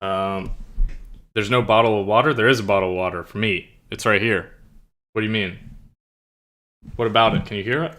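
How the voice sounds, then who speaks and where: A man's voice: on the low side, fairly even intonation, brisk, long pauses, pushed and bright, a little hiss or hum. A young man talking casually to his stream chat, rambling, swearing and hunting for words. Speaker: streamer and writer.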